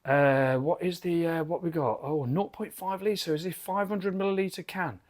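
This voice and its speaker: A man's voice: fairly high pitch, steady tone, moderate pace. A British man giving a chatty, enthusiastic and rambling beer review from his garden cabin bar. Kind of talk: casual video review.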